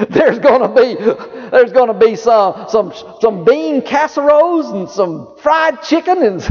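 Male preacher, high and very animated, echoing dull hall recording. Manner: lively preaching, drops low and soft for quoted words of Jesus. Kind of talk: sermon. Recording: dull reverberant hall sound.

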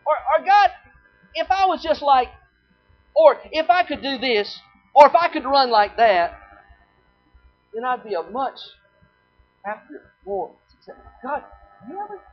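A preacher giving a sermon, asking the listeners rhetorical questions, repeating phrases and quoting scripture in old-fashioned wording. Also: medium pitch. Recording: dull lo-fi recording with faint music.

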